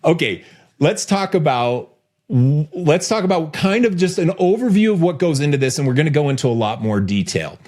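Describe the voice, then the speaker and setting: A man hosting a casual podcast chat, playful and animated, often laughing. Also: a little high, normal speed. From United States. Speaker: podcast host.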